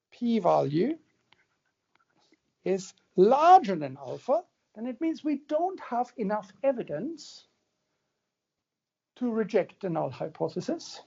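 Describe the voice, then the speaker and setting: Slow, lively male lecturer. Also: high-pitched, vocal fry, husky, muffled recording. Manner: conversational, jokey, checks in with the audience. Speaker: university lecturer. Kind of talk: classroom lecture.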